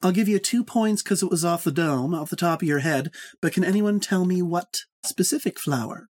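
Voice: mid-range voice, darkish tone, dry recording. A podcast host running a casual book club pop quiz, teasing and swearing, speeding through explanations. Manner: teasing, profane, quick bursts of explanation.

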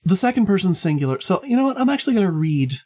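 A woman's voice: mid-range voice, sing-song, racing, dark tone, husky. A woman hosting a casual book discussion, explaining points at length with many fillers. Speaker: podcast host.

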